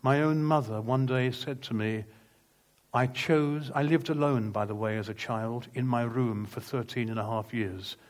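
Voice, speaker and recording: An earnest male preacher telling a testimony from the pulpit, his pitch sitting at an ordinary middle level. He speaks with steady conviction and acts out the dialogue of the people in his story. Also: moderate pace. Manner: earnest, emphatic testimony with vivid retold dialogue. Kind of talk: sermon storytelling.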